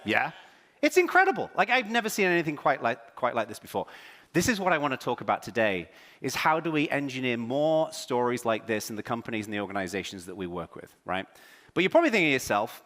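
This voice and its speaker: A man from England with a half-English, half-American accent, giving a joking, self-deprecating, energetic conference keynote on stage. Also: medium pitch, quick pace, big-room sound. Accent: English with American influence. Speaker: keynote speaker. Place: large conference hall on stage.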